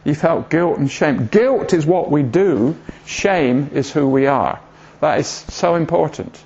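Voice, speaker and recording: A man's voice: fairly high pitch, measured pace, gravelly, a little mellow. A man preaching an informal sermon in a church, chatty and jokey, often asking the congregation questions. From southern England. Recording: dull lo-fi church recording.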